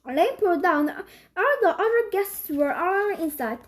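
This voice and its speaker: A woman's voice: very high voice, lively intonation, moderate pace. A woman who is a native Korean speaker, reading a children's book aloud in English and often stumbling and restarting words. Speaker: reader.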